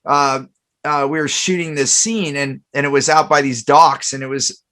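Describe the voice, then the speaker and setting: A man's voice: on the high side, fairly even intonation, moderate pace, sharp tone. A man, a podcast host, telling a personal story in an earnest, rambling way. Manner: rambling, many restarts, earnest. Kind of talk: storytelling in casual chat.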